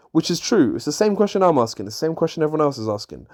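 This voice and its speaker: A man's voice: a little high, lively intonation, fast, hardly any pauses, darkish tone. A young man tears through a wrestling show review in an exasperated rant. He sounds fed up and sarcastic as he picks apart each segment.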